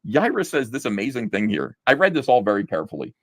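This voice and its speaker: A man's voice: medium pitch, big pitch swings, fast, no room sound. A man reviewing a comic book aloud, sarcastic and incredulous, laughing at the writing. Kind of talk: mocking read-through review.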